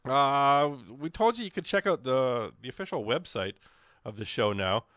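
Radio guy doing a fund drive, rambly and excitable, dry close studio mic. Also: medium pitch, moderate pace, no room sound. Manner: chatty, rambling, exclamatory with frequent fillers. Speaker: radio host.

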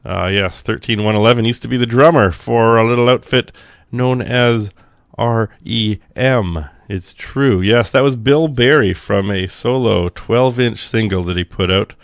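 A man's voice: medium pitch, unhurried, dry recording. A male radio host, sick and coughing now and then, chatting casually and rambling with dry jokes between songs.

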